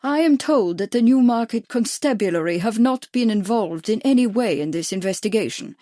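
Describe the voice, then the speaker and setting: A woman voicing a stout older royal man with a gruff German accent, commanding and dry. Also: fairly high pitch, animated, moderate pace, warm tone, dry recording, natural voice.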